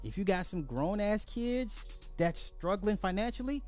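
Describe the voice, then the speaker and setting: A man's voice: high voice, lively intonation, moderate pace, darkish tone, faint music behind. Blunt, profane man ranting on a podcast. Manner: blunt and profane, with sarcastic repeated apologies. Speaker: podcast host. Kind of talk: ranting social commentary.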